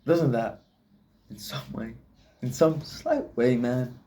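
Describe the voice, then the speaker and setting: A man's voice: mid-range voice, slow pace, dark tone, a little hiss or hum. A young man rambling philosophically in a casual solo vlog, swearing often and laughing at himself. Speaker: vlogger.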